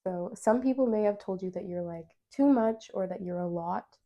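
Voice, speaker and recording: A woman with a mellow voice and a gravelly fry runs a pick-a-card tarot reading. She speaks straight to her viewers, chatty and encouraging, and reads out card meanings as she goes. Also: mid-range voice, normal speed, highs cut off. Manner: addresses viewers directly. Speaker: tarot reader.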